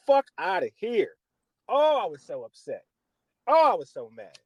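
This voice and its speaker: Animated, profane male podcast host. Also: high-pitched, normal speed, breathy edge, no echo. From US West Coast. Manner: animated, profane sports rant. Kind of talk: casual sports podcast chat.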